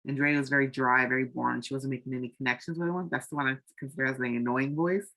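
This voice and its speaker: A woman with a very deep yet pushed and bright voice talks very fast in a steady tone, on a low-quality recording. She's a TV recap vlogger going over a reality dating show, loose and chatty, frank with her opinions, and constantly saying "um" and "like."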